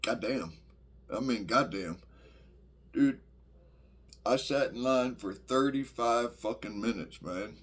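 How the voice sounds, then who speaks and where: A man's voice: medium pitch, slow, pauses often, husky. A middle-aged man, talking in a casual, rambling vlog monologue full of fillers and swearing. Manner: profane, rambling, many fillers. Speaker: vlogger.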